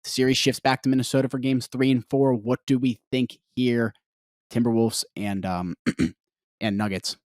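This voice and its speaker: A man introducing a sports segment on a podcast, reading stats in a plain, steady casual way. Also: mid-range voice, normal speed, no echo, studio quality. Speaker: podcast co-host.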